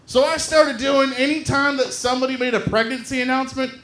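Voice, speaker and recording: Male stand-up comic with a very high voice, on a handheld mic in a roomy club. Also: brisk, a little hiss or hum. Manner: loud and animated, acts out quoted people. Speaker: stand-up comedian. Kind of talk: stand-up comedy set. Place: comedy club stage.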